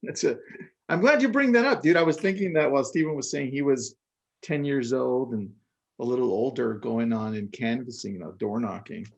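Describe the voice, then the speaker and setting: A man with a gravelly, fry-tinged voice chats casually on a real estate panel. He tells stories with animated energy and tosses in quick asides. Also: mid-range voice, highs cut off. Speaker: podcast co-host.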